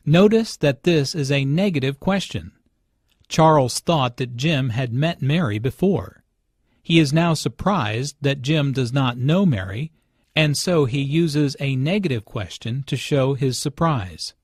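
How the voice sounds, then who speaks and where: Man teaching english, slow deliberate pace, lively intonation, dry close sound. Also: medium pitch, dry recording. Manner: slow, clearly enunciated explanations. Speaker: language teacher narrator. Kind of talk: scripted instructional narration.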